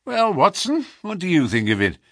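A man reading an audiobook, voicing a steady companion who asks plain questions. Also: high-pitched, normal speed, no echo, clean studio sound, voice pushed up, heavily acted. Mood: curious.

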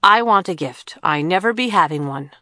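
A woman's voice: low-pitched, slow pace, a bit bright, no echo, clean studio sound, heavily acted. Wild little urchin boy, read by a woman, broken grammar, bold. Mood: blunt. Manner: rough ungrammatical slang, howling protests. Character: scrappy small boy, wild and boastful.

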